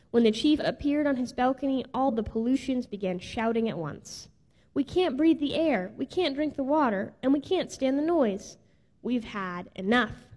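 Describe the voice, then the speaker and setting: A woman reading a children's storybook aloud in an expressive, lilting way. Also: a little high. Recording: reverberant hall.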